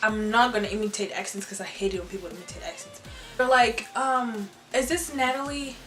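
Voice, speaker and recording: A young adult woman telling a storytime vlog in an animated, chatty way, full of "like" and "you know". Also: medium pitch, fairly quick. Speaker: vlogger. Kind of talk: casual storytime chat. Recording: roomy room with faint music.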